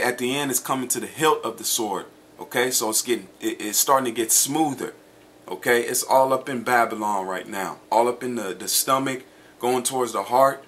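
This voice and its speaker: A man preaches a sermon and reads scripture aloud, emphatic and often checking in with "okay?" and "man." He slows down to stress words, his voice medium in pitch and a bit bright.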